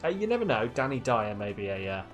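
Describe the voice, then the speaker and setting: A man's voice: medium pitch, very animated, fast talker. Brief: male streamer, casual, joking commentary, faint game music behind. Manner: joking, reads game text aloud.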